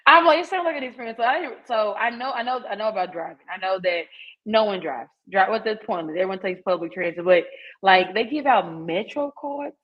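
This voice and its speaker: Woman, podcast host, casual chat, slangy, energetic, dull lo-fi sound. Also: mid-range voice, brisk. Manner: hype, slangy, talks straight to listeners. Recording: dull lo-fi recording.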